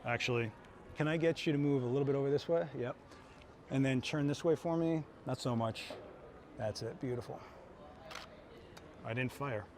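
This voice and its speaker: A man's voice: mid-range voice, normal speed, pauses often, darkish tone, slight background noise. A man who is a photographer giving a live gear demo on a trade show floor. He talks in a casual, enthusiastic, chatty teaching manner.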